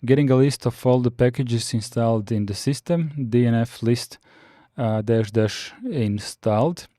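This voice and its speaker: A man hosting a live-streamed lesson, reading through command notes and answering chat in a steady, explanatory way with frequent fillers. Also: medium pitch, measured pace, no echo, studio quality. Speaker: Linux course host.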